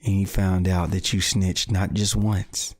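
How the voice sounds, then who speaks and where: A man hosting a casual livestream, telling street gossip in an animated, profane style and acting out quotes. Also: low voice, unhurried, low-quality recording. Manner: animated storytelling, acts out quotes, swears freely. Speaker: podcast host.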